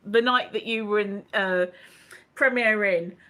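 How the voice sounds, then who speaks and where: A woman's voice: mid-range voice, a little slow, pushed and bright, a little hiss or hum. A woman, hosting a casual livestream chat, rambling and laughing as she reads out viewer comments. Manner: chatty, laughs often, rambling asides. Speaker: livestream host.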